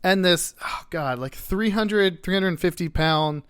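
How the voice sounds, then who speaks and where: A young man with a slightly raised pitch spins a long, rambling anecdote as a podcast guest. He talks casually and pokes fun at himself. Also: measured pace, fairly bright tone, clean tone. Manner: rambling, self-deprecating storyteller.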